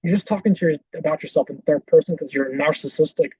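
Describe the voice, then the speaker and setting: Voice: mid-range voice, fast talker, dark tone, breathy edge, dry recording. A podcast host giving political commentary between clips, rebutting with indignant sarcasm. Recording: dull lo-fi dry recording.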